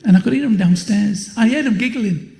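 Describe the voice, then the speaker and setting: An older man performing a blunt, swearing stand-up comedy routine with deadpan punchlines. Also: high-pitched, a little fast, creaky, slight background noise. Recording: live show in a long-reverb hall.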